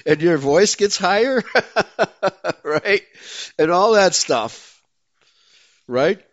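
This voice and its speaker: A man hosting a talk show, speaking in an excitable, emphatic way and often breaking into laughter. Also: sits high, drawn-out words, no room sound. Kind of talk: casual talk show conversation. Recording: dull lo-fi dry sound.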